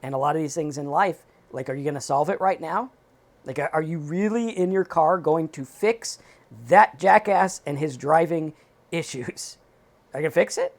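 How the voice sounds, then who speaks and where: Animated man giving casual advice. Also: fairly high pitch, normal speed. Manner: animated, emphatic, talks in quoted self-talk. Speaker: podcast co-host.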